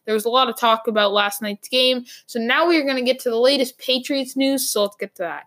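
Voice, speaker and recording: A woman hosts a casual sports talk segment. Her voice sits a bit high for a woman. She rambles and thinks out loud, full of fillers and self-corrections. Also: a little fast. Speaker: sports podcast host.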